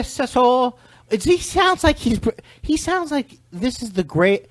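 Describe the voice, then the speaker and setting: A man's voice: very high voice, very animated, slow, no room sound. A man, a comedian guest on a podcast, riffing in a sarcastic, rambling way and slipping into mock impressions. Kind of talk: casual comedy chat. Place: podcast studio.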